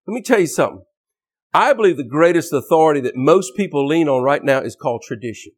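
A man's voice: a little high, expressive, fast, breathy edge. A man preaching a fervent, emphatic sermon, often restarting and repeating words as he drives his points home.

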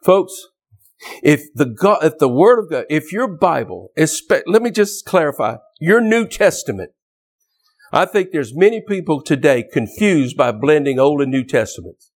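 A man's voice: on the high side, expressive, measured pace. A man preaching a fervent, emphatic sermon, often restarting and repeating words as he drives his points home.

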